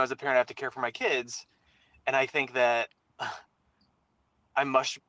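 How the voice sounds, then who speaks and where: A man in his thirties, a registered nurse, chatting casually on a dads' podcast in an animated, laughing way. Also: mid-range voice, dry recording, low-quality recording. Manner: animated, laughing, acts out his stern parent voice. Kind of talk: casual chat.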